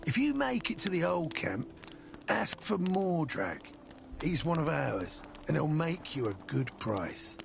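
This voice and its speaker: An actor playing a sly, cocky male convict hunter in a video game, with a gravelly voice and rough slang. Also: on the high side, very animated, measured pace, noisy background, heavily acted. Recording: game music behind.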